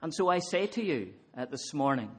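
A man preaching a sermon in a measured, earnest way, leaning on repeated refrains. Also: fairly high pitch, sing-song, slightly rough.

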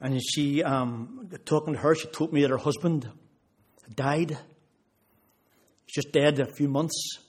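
A man's voice: a little high, unhurried, long pauses, breathy edge. A man giving a sermon testimony, retelling conversations with rising intensity. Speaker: preacher.

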